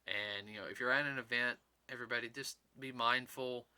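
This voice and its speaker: A man hosting a casual talk show, speaking in an earnest, rambling way with halting restarts. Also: medium pitch, steady tone, sharp tone, clean tone. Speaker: host. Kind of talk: casual chat.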